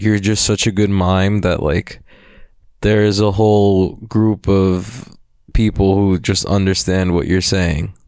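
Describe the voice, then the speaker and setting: A man's voice: sits low, creaky, darkish tone, no room sound, studio quality. A man hosting a podcast, talking in a loose, rambling, profane way and laughing often. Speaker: podcast host. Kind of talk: casual rambling monologue.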